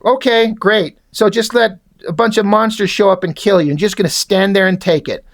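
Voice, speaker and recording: A man reads through a comic while tearing into it with dry, sarcastic commentary. His asides are deadpan and peppered with swearing. He sounds casual and conversational, like a review made for laughs. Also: high-pitched, brisk.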